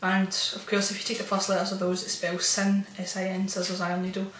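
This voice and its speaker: Here the woman's mid-range delivery is completely flat and fairly quick as she vlogs casually about her experiences in a rambling, spooked story. She meanders chattily, slipping in soft spooked asides, and the room echoes noticeably.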